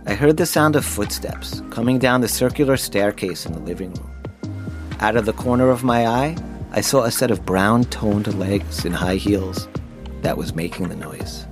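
A man's voice: lowish voice, normal speed, music in the background. A man narrating his own memoir in the first person, wry and self-deprecating.

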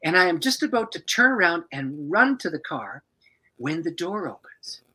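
A man who is a pastor tells his story with a lively, swooping delivery, rising and falling all the way through. His voice is bright and a little husky, and he leans into the dramatic beats. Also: on the high side, moderate pace, poor audio. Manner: dramatic, expressive storyteller who acts out the people in his stories. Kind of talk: animated personal storytelling.

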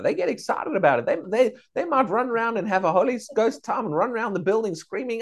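A man teaching a Bible study, questioning his class and acting out excited believers. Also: very high-pitched, brisk, vocal fry, hardly any pauses.

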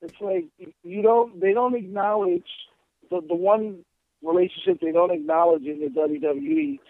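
A man's voice: high voice, steady tone, normal speed, no echo, phone-quality sound. A man co-hosting a casual wrestling podcast, ranting in a profane, sarcastic way. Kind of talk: casual chat.

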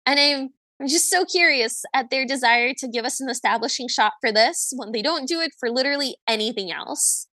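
Young woman podcast host, high bright voice, animated recap, dry close mic. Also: brisk, few pauses, dry recording. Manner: animated, acts out quoted lines. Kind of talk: casual chat recapping a film.

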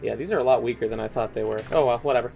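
A man's voice: mid-range voice, racing, gravelly, dark tone, faint music behind. A man narrating a tabletop game as game master, casual and laughing, swearing freely.

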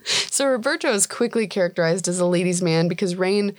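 A woman's voice: fairly low pitch, animated, a little fast, slight background noise. A woman co-hosting a podcast in casual chat, talking chattily with lots of laughs and "like"s. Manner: chatty, laughs often, says "like" a lot. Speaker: podcast co-host.

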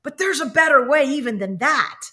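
A woman guest, a business speaker and author, talking in an animated, emphatic, preacherly way about faith and business. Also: high-pitched, moderate pace. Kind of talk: faith-based business interview.

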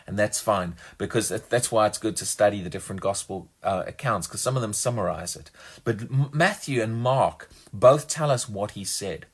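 A man's voice: on the low side, moderate pace, husky. A man preaching a sermon, earnest and emphatic, often repeating words as he restarts a phrase.

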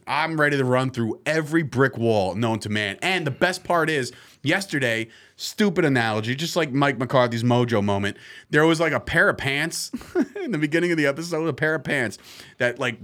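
A young man co-hosting a casual sports chat, excitable, laughing often and acting out quotes. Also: medium pitch, normal speed. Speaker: podcast co-host.

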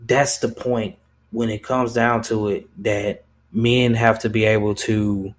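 A man's voice: lowish voice, level tone, slow pace. A young man speaks on his podcast in a casual, unscripted monologue. He is blunt and impassioned, swears often and restarts his sentences as he presses his point. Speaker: podcast host.

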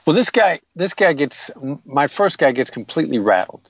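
A man's voice: a little high, sing-song, moderate pace, dry recording, muffled recording. A man explaining negotiation tactics in an interview, earnest and methodical, often restarting his sentences. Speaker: guest, hostage negotiator.

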